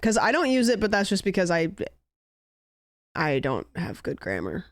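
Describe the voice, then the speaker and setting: A woman's voice: mid-range voice, huge pitch swings, moderate pace, no room sound. A young woman streamer in casual chat, rambling and musing aloud with lots of "like" fillers.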